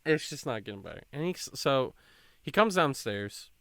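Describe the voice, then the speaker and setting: A man's voice: mid-range voice, big pitch swings, normal speed, vocal fry, sharp tone, clear, resonant tone, no room sound. A young man hosting a podcast, telling a rambling, swear-filled story in casual chat and quoting people along the way. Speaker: podcast host.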